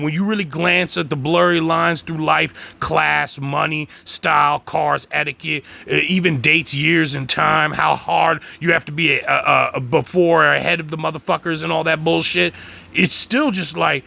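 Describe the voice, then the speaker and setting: Gravelly, high-voiced man ranting. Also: steady tone, normal speed, pushed and bright. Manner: heated, rambling, swears constantly. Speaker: channel host. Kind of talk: profane rant monologue.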